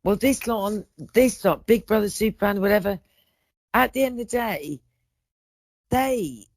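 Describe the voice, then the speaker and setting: A woman's voice: mid-range voice, normal speed, darkish tone, no echo. A woman in her forties, a podcast guest in casual chat, telling stories in a rambling way, breaking off and restarting her sentences. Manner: rambling, self-interrupting storyteller.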